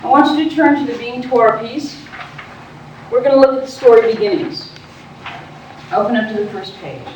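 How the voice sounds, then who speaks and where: A woman teacher leading a group reading, brisk and directive, prompting the room. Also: a little high, a little mellow. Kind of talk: classroom teaching. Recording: echoey room from far off, faint noise.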